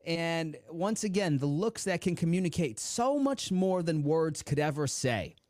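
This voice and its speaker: A man guest on a podcast telling an emotional personal story, earnest and slowing down for emphasis. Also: on the high side, very animated, darkish tone, no echo, studio quality.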